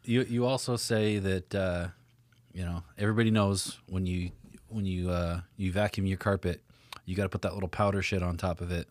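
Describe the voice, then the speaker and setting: A man's voice: deep voice, steady tone, normal speed, darkish tone, no room sound. A young man co-hosting a podcast, laid-back and teasing as he tells stories in casual banter. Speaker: podcast co-host.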